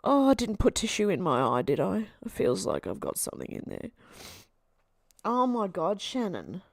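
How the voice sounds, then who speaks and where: A woman's voice: medium pitch, huge pitch swings, moderate pace, creaky, dry recording, clean studio sound. An Australian woman hosting a casual livestream, reading out viewer comments in a chatty, affectionate way and laughing often. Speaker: livestream host.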